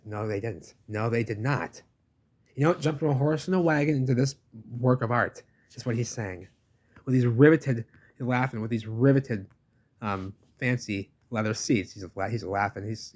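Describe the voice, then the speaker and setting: A man talks over a video in a loose, enthusiastic voice-over. He rambles, circles back and repeats his words, and keeps calling the listener baby. His pitch sits right in the middle for a man. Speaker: video narrator. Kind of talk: casual voice-over commentary.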